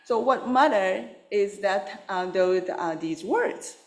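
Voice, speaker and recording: Slow-spoken woman minister in a roomy hall. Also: medium pitch, lively intonation. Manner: gentle, unhurried storytelling with fillers. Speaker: Buddhist minister. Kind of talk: dharma talk.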